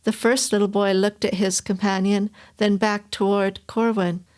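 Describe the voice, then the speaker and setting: A woman reads a classic story aloud, steady and measured. Her voice sits at an ordinary middle pitch for a woman. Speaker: story reader. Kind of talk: audiobook reading.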